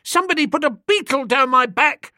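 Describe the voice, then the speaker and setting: A man voicing a frightened young choirboy who pleads in a shrill, high voice. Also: animated, fairly quick, sharp tone, no echo, studio quality, full character voice. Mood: protesting.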